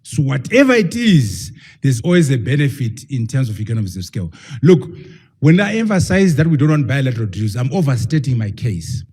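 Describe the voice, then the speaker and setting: A man's voice: medium pitch, very animated, fairly quick, a little mellow, slightly rough. A man, a professor, giving an emphatic public lecture and firing rhetorical questions at his audience.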